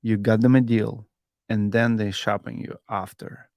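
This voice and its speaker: A man's voice: lowish voice, little pitch movement, measured pace, gravelly, a little mellow, dry recording, clean studio sound. A man hosting a casual podcast, asking his guest questions with slightly non-native phrasing. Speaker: podcast host.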